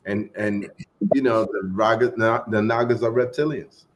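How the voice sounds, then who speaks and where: A middle-aged man telling a long story as a podcast guest in a relaxed, casual way, trailing off into fillers and acting out the voices of the people in it. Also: lowish voice, moderate pace. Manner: laid-back, acts out quoted voices, trails off into fillers.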